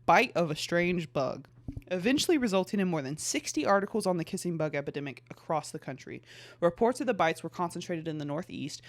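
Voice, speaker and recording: Podcast host reading bug articles aloud. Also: medium pitch. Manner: reads passages aloud with stumbles and restarts, filler "like" between.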